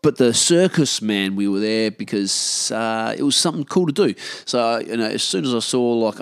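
A man's voice: lowish voice, vocal fry, dry recording, clean studio sound. An Australian man in his thirties, rambling and swearing freely as he hosts a casual solo podcast from his living room. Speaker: podcast host.

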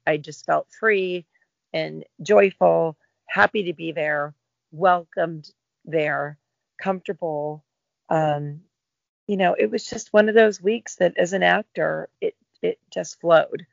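A middle-aged woman, a guest actor, talking in a relaxed, reflective interview about her career. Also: deep voice, vocal fry, dry recording, lo-fi sound. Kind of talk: casual interview chat.

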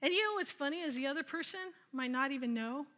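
A woman preaching a conversational sermon, retelling scripture with lively asides and frequent laughter. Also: sits high, fast.

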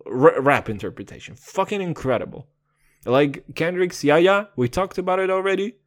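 Excitable, swearing podcast guy. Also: normal speed. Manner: excitable, profane, jokey, with big pitch swings. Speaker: podcast host. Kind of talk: casual podcast chat.

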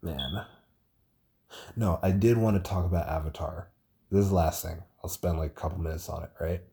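A man's voice: sits low, moderate pace, vocal fry, slightly rough. Rambling, swearing young man podcaster. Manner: rambling and excitable, swears a lot. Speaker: podcast host. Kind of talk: casual solo podcast monologue.

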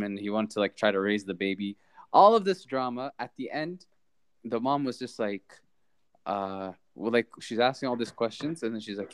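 A man co-hosting a podcast in casual chat, expressive and quick to say "bro". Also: fairly low pitch, clear, resonant tone, dry recording. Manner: expressive, says "bro" and "oh my God" a lot. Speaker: podcast co-host.

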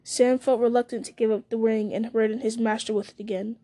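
A woman giving a measured, storytelling reading of a fantasy novel. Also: fairly high pitch, flat delivery, warm tone. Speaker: audiobook reader.

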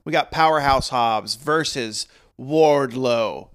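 Going slowly through the wrestling card, this podcast co-host makes predictions in a loose, joking way, drifting off mid-thought and starting again. His mid-range voice is clear and resonant with a fairly bright tone.

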